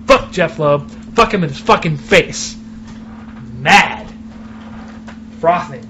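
Guy ranting and cussing on a podcast, kinda high voice, noisy muffled audio. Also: lively intonation, moderate pace, sharp tone. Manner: ranting, heavy swearing. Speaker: podcast co-host. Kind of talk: casual profane chat. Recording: muffled recording with clear background noise.

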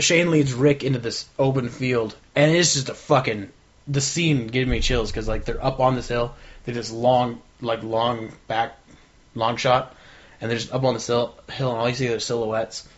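A man's voice: medium pitch, steady tone, unhurried. A man chatting casually on a podcast, retelling a TV episode with energy and acting out the characters' lines. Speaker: podcast co-host. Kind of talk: casual chat recapping a TV episode. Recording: dull lo-fi sound.

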